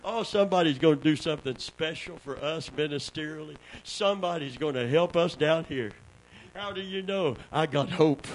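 A male pastor, preaching a sermon in a call-and-response style that swings from quiet, low talk to shouted exclamations. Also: moderate pace, rough recording.

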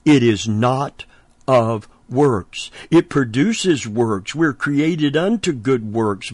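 A man's voice: medium pitch, lively intonation, slow pace, no room sound. A man preaching a sermon, emphatic and chuckling between points.

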